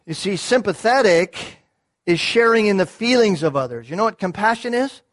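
High-voiced man preaching a sermon. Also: expressive, moderate pace, a bit bright. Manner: earnest preaching, repeats key words, small restarts. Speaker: pastor.

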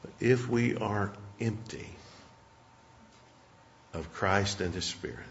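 A man's voice: lowish voice, takes it slowly, gravelly, a little hiss or hum. A man preaching a sermon, telling a folksy personal story and closing in prayer. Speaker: pastor. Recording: dull lo-fi sermon recording.

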